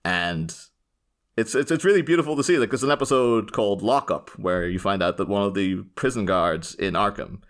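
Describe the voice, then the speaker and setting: A man's voice: on the low side, lively intonation, brisk. A man hosting a podcast, talking casually and enthusiastically about a film, rambling with frequent restarts. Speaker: podcast host. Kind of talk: casual chat, film discussion.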